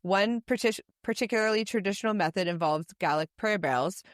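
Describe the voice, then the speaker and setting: A woman's voice: mid-range voice, fairly quick, no room sound, clean studio sound. A woman co-hosting a podcast, chatting casually, swearing freely and reading ghost stories aloud. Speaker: podcast co-host.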